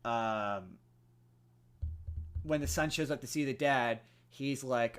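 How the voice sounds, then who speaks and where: A young man co-hosting a podcast, telling a film story in casual chat, full of fillers and restarts and growing animated as he goes. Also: medium pitch, takes it slowly, long pauses, clear, resonant tone. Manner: rambling with many fillers and restarts, animated when excited. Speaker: podcast co-host.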